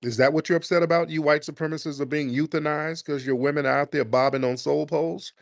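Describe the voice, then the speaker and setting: A man hosting a call-in show, taunting a caller with mocking, drawn-out repeated questions. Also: a little high, steady tone, creaky, no echo, clean studio sound. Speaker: host of a call-in talk show. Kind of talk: confrontational call-in radio talk.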